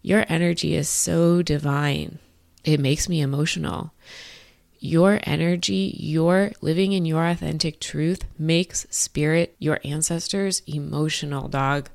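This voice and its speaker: A woman's voice: deep voice, fairly even intonation, measured pace, gravelly, a little mellow. A young adult woman giving a casual spiritual message, swearing freely and laughing as she talks. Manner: profane, laughing, conversational. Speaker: spiritual channeler.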